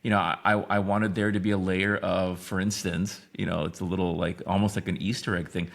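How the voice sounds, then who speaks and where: A man's voice: low-pitched, little pitch movement, brisk, creaky. A man in his fifties, a podcast guest, talking reflectively in a rambling way with many restarts. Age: 50s. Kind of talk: casual interview talk.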